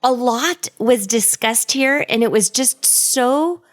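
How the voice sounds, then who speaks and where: A woman's voice: fairly high pitch, slow pace, faint music behind. Chatty American woman hosting a podcast. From United States. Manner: chatty, self-deprecating, laughs often. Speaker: podcast host. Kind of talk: casual interview chat. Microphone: video call.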